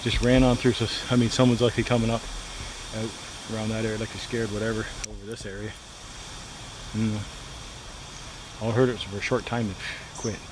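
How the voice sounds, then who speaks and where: A man casually chatting to the camera at a campsite in the woods, rambling and repeating himself in a relaxed way. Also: on the low side, fairly quick, pauses often. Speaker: outdoor vlogger. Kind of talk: casual solo camping vlog. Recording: outdoor recording with steady background noise.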